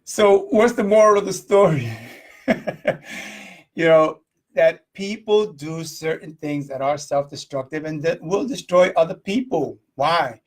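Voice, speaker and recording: A man's voice: a little high, a little slow. Rambling man hosting a live stream. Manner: rambling, repeats himself, asks viewers questions. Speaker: host of a live video stream. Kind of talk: casual motivational talk.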